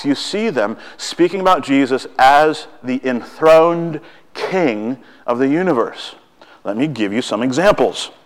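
A man preaching a sermon, talking quickly and with excitement, often asking his listeners rhetorical questions. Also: a little high.

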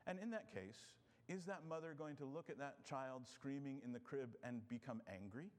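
A male preacher delivers an expository sermon in a voice of ordinary middle pitch. He talks earnestly and rhetorically, letting his voice sink quietly on key words. The sound carries a long reverb, as in a church sanctuary. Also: normal speed. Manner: earnest, rhetorical, drops soft for emphasis.

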